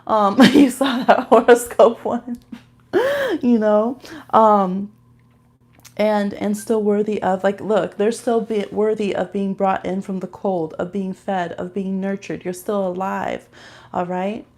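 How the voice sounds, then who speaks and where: A woman in mid-range pitch doing a live tarot reading, talking straight to her viewers in a loose, conversational way. She laughs easily and often while she reads out the cards. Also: slow, a little mellow. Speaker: tarot and astrology reader.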